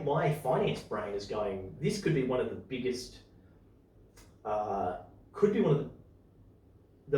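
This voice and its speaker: A man hosting a podcast, chatting casually and getting excited as he lays out his opinions. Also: medium pitch, far from the mic. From Australia. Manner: excitable, opinionated, speeds up and slows down. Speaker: podcast host. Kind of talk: casual chat. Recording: echoey room, voice off-mic.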